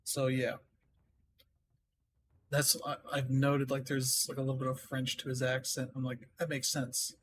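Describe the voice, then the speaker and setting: This game streamer speaks in a monotone, mid-range voice, unhurried and with long pauses. In casual live-stream chatter, he thinks aloud and reads notes half to himself while looking things up. There's slight background noise.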